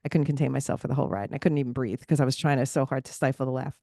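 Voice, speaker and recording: Podcast co-host, woman, low register, animated storyteller who laughs easily, dry close recording. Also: very fast, creaky, no echo. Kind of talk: casual chat.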